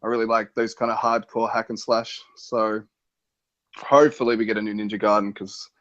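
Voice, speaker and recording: A man's voice: on the low side, level tone, a little fast, fairly bright tone. Chatty Australian man, muffled podcast audio. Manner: chatty, enthusiastic fan. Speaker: podcast co-host. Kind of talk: casual gaming chat. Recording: slightly dull lo-fi podcast audio.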